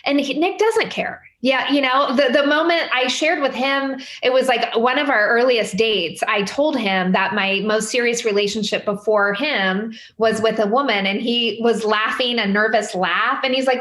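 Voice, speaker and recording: A chatty woman in her forties from the Midwestern United States guests on a podcast, telling candid stories in conversation. Her fairly high voice moves at normal speed, full of fillers and jumping up in pitch when she quotes others. The room has a noticeable echo.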